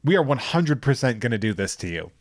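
A man's voice: mid-range voice, no echo. Dude swearing his way through a movie recap, dry close sound, does little voices. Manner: profane, animated retelling with quick impressions. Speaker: podcast co-host. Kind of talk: casual chat recapping a movie.

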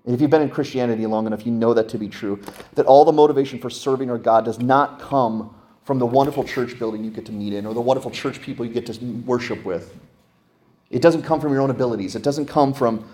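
Middle-aged male pastor, mid-pitched, lively and emphatic in the pulpit. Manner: animated storytelling, voice jumping up for emphasis. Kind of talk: sermon.

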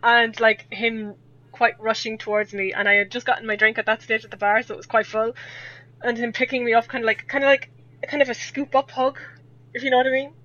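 A woman's voice: a little high, flat delivery, fairly quick, bright, forceful tone. A young Irish woman telling a rambling story in casual chat, laughing often as a podcast guest. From Ireland. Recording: dull lo-fi audio.

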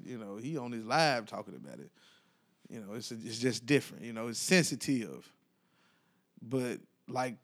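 A man hosting his own podcast in loose casual chat, rambling and breaking off to restart his thoughts. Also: mid-range voice. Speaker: podcast host.

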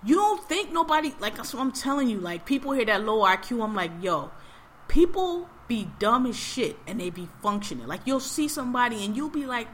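Woman, casual chat, high and bright, animated storyteller who acts out the dialogue. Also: brisk, a little hiss or hum. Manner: animated storytelling, acts out quotes, swears freely; laughs often.

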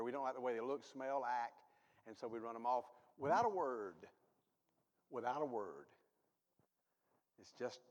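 A man preaching a sermon as pastor, shifting from quiet asides to loud exhortation, with self-deprecating humor. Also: big-room sound. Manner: animated, swings from low asides to loud exhortation; self-deprecating humor, reads ads aloud for laughs. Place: church sanctuary.

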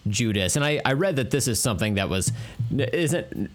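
A man's voice: mid-range voice, expressive, moderate pace. A man co-hosting a podcast, chatting in a laid-back, joking way with frequent swearing and "uh" fillers. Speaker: podcast co-host. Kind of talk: casual chat.

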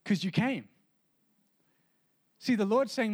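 A man's voice: high-pitched, lively intonation, normal speed, darkish tone, no echo. A man preaching a sermon as pastor, earnest and conversational, often restarting his sentences.

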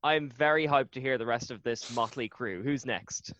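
A man's voice: medium pitch, normal speed, a bit bright, dry recording. A man hosting a podcast, asking upbeat questions and laughing easily in casual chat. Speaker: podcast host. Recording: dull lo-fi sound.

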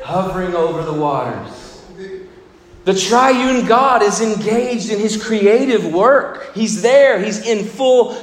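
A man preaching a sermon, swinging between loud emphasis and hushed, low passages. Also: reverberant, big-room sound. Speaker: pastor.

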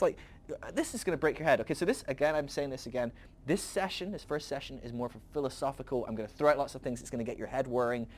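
A man hosting a podcast, talking through ideas in an animated, rambling way with frequent restarts. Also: mid-range voice. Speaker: podcast host. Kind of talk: casual philosophical teaching.

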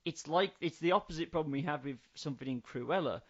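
A man's voice: on the high side, fast talker, dull audio. A man co-hosting a casual film-review podcast, ranting in an exasperated, sweary way. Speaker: podcast co-host.

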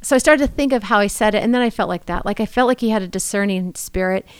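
Woman with a smooth, dry voice telling stories. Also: mid-range voice, fast, no room sound. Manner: laughing often, animated retelling with quoted dialogue. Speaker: podcast co-host. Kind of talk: casual storytelling chat.

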